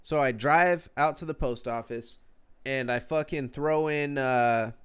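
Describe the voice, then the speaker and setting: A man with a smooth, resonant voice tells a long, meandering story. He swears freely and keeps the tone laid-back. He sounds a little tipsy, speaking over a video call. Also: medium pitch, a little slow. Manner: profane, rambling, laid-back. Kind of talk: casual storytelling chat.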